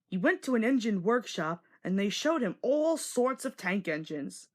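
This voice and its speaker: Woman narrator, children's storybook read-along, lively, expressive. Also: mid-range voice, moderate pace, hardly any pauses.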